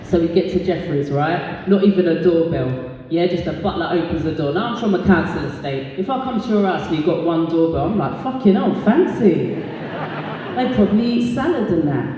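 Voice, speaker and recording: A brash British woman works the room with a sweary stand-up story, flipping into high squeaky voices whenever she quotes someone. She is picked up from well back in a big echoing hall, with a long reverb tail behind every line. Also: brisk, hardly any pauses, warm tone, slight background noise. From Britain. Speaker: stand-up comedian and compere. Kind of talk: stand-up comedy set. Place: live comedy venue. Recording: echoey hall, distant mic.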